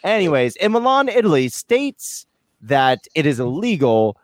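Lively joking quiz host, a man. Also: fairly high pitch, measured pace, dry recording. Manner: joking, laughing, swearing. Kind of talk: casual group quiz chat.

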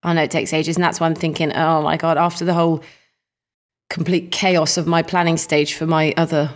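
A woman co-hosting a podcast in casual chat, animated and quick to laugh. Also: deep voice. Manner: chatty, laughs easily, animated. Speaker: podcast co-host.

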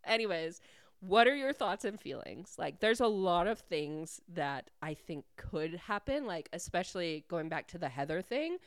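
A woman's voice: on the low side, normal speed, dry recording, clean studio sound. Chatty young woman recapping a book. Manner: chatty, peppered with "like", excitable. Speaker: podcast host.

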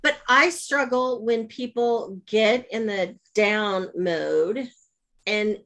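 A woman's voice: on the high side, slow, fairly bright tone, lo-fi sound. Chatty laughing podcast host woman. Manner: chatty, laughs often, uses fillers. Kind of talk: casual podcast chat.

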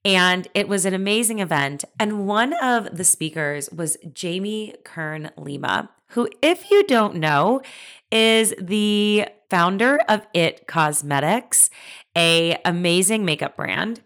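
A woman's voice: lowish voice, expressive, takes it slowly, fairly bright tone. A young adult woman hosting her own podcast, telling a personal story in an earnest, confiding and emphatic way. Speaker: podcast host.

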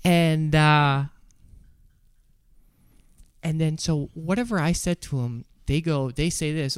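A man in his twenties telling a story on a podcast, animated, acting out other people's voices and laughing as he goes. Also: a little high, takes it slowly, pauses often, clear, resonant tone, no room sound, studio quality. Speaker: podcast co-host. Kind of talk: casual storytelling.

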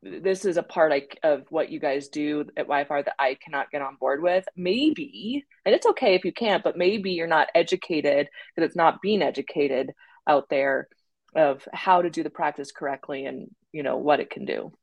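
A young woman co-hosting a podcast, chatting casually in a lively, joking way. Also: deep voice, moderate pace, no echo, muffled recording. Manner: lively, animated, laughing and joking. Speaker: podcast co-host. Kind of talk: casual chat.

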